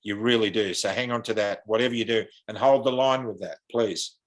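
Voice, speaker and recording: A man's voice: lowish voice, steady tone, a little fast. A man with an Australian accent, a podcast guest speaking earnestly and with passion, like a preacher.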